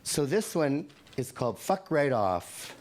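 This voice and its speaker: A man's voice: medium pitch, very animated, slow pace, background noise. A man in his sixties from Canada performing wry, profane poetry on a live venue stage into a handheld microphone. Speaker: poet.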